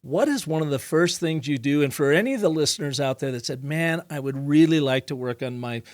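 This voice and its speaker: A man's voice: fairly high pitch, fairly quick, a little mellow, no echo, studio quality. A man hosting a podcast, asking questions in a conversational way and setting up scenarios. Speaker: podcast host. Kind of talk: podcast interview.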